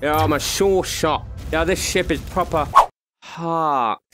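With loud music playing behind him, a young man records excited let's-play commentary for his YouTube channel. His voice is fairly high and his pace slow, and he jokes, yelps and laughs whenever the game scares him.

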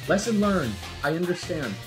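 A gameplay commentator talking live over play, self-mocking, looping the same phrase again and again and swinging from low mutters to high yelps. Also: animated, normal speed. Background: game music.

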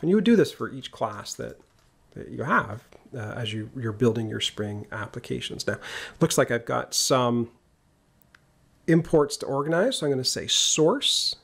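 A man giving a casual, jokey coding tutorial, talking through each step as he types. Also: mid-range voice. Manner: casual and jokey, talks while typing code. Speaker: programming instructor. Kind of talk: screen-recorded coding tutorial.

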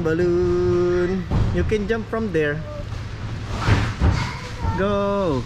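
A man's voice: high-pitched, extremely slow, long pauses, muffled recording. A father filming his child, playfully cheering and coaxing them on in a casual home video. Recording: outdoor noise in background.

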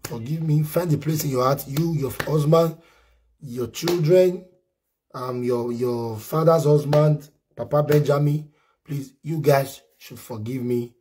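A man's voice: on the high side, measured pace, dark tone, slight background noise. A man with a Nigerian accent delivering a pleading, repetitive apology, mixing Pidgin and Yoruba. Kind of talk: apology video monologue.

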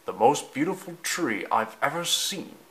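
A man voicing a calm, wise stag father who speaks in a hushed, measured way. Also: a little high.

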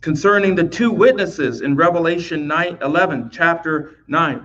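A man explaining scripture in a loose, talky teaching style, repeating words as he goes and tossing in "right?" to check on his listeners. His voice sits a little high for a man. The recording sounds dull and lo-fi. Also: normal speed, few pauses, a bit bright. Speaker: Bible teacher. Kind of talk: recorded Bible lesson.

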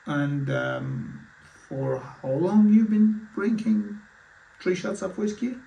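A man's voice: sits high, big pitch swings, takes it slowly, gravelly, highs cut off. A man acting as a physician in a mock patient consultation, talking hesitantly with many fillers and restarts. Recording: echoey room, far from mic.

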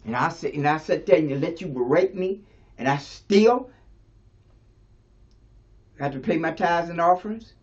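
Guy in his 70s preaching, kinda high voice, muffled lo-fi recording. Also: normal speed. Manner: preaching, swings from low to shouting. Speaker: pastor. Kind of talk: sermon. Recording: dull lo-fi radio sound.

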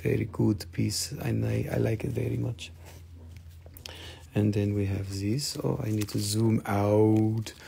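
A man's voice: lowish voice, flat delivery, measured pace, creaky, warm tone. A man hosting a live crystal sales stream, joking around and switching into playful broken-English banter.

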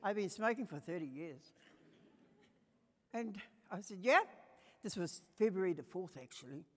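An older woman with a New Zealand accent, giving a passionate personal storytelling talk at a conference, moving between soft and emphatic. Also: medium pitch, animated, normal speed. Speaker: conference speaker. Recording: long hall reverb.

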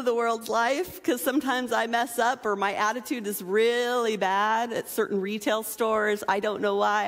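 Woman pastor, high voice, lively playful sermon delivery, long hall reverb. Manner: animated, playful, self-mocking asides. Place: church sanctuary.

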